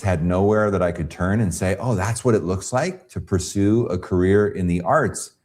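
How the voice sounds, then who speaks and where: Very deep-voiced man telling stories. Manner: animated storyteller who acts out quoted voices. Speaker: guest pastel artist. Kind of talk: casual interview storytelling.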